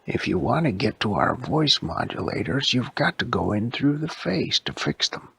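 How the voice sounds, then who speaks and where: A man voicing a friendly, matter-of-fact half-built robot fox in a soft bedtime-story voice. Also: mid-range voice, big pitch swings, moderate pace, creaky, a little hiss or hum.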